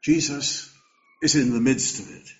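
An older man preaching a sermon, slow and measured, lifting his voice for emphasis. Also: medium pitch, highs cut off.

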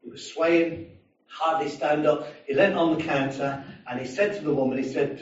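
In a church, a man with a slightly high voice and normal pacing preaches, narrating a tale and voicing the people in it, including a drunk. His manner is animated storytelling. Sound comes from a distance in an echoey hall and is dull.

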